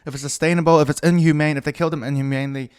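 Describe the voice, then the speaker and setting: A man's voice: a little high, fairly even intonation, racing, clear, resonant tone. Rambling, profane middle-aged man. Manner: profane, rambling, self-mocking. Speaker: podcast host. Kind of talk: casual solo podcast monologue.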